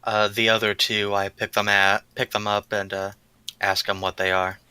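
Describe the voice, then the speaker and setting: A man's voice: fairly low pitch, completely flat delivery, moderate pace, sharp tone, clean tone, no room sound. A man playing a tabletop game, casually haggling over prices. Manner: haggling, playful. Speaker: player.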